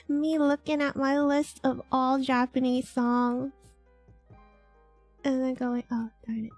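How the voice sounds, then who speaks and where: A woman's voice: sits high, steady tone, extremely slow, pauses often, a little mellow, soft background music. A woman from Hong Kong chatting casually with her live-stream chat, laughing often and reacting to viewers. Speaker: VTuber streamer.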